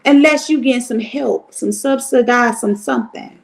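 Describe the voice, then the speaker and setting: A middle-aged woman from Cleveland talks to her livestream audience in a raspy, gravelly voice that sits a little high. She is blunt and animated, cursing freely and stretching out her asides. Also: moderate pace. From Cleveland, Ohio. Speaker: livestream commentary host. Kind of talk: casual livestream commentary.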